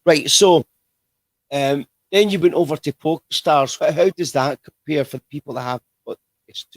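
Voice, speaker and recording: A man's voice: fairly high pitch, moderate pace, no room sound. A man hosting a livestream interview, chatty and rambling, with frequent restarts. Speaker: host.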